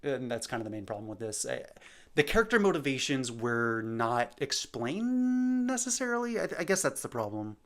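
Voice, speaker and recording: A male animator talking casually through a rough storyboard in a rambling, self-deprecating way. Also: medium pitch, sing-song, normal speed, a bit bright.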